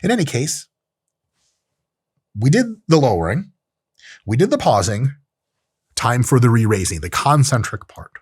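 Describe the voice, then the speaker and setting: This coach talks about lifting technique at a normal speed with a medium-pitched, breathy-edged voice, pausing often. The dry, clean studio recording carries his profane, joking, animated style, complete with acted-out scenes.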